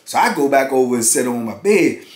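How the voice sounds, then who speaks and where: A man in his fifties telling a prison story in casual, animated talk. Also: mid-range voice, a little fast. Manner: animated, acts out others' voices. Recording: roomy echo.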